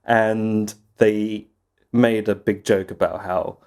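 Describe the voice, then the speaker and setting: A man's voice: lowish voice, level tone, slow pace, darkish tone, clean tone. A man co-hosting a casual podcast chat, rambling through stories and laughing often. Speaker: podcast co-host.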